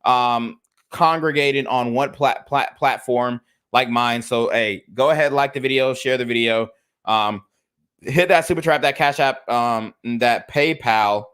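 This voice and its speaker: A man's voice: medium pitch, a little slow, a bit bright, smooth. A man hosting an online commentary channel, reacting bluntly and profanely to news clips and plugging his channel.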